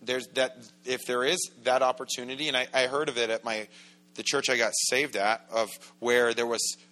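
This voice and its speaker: A man's voice: mid-range voice, little pitch movement, moderate pace, pushed and bright. A man preaching a sermon as pastor in a church, in a conversational, joking way that acts out quoted voices. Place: church sanctuary.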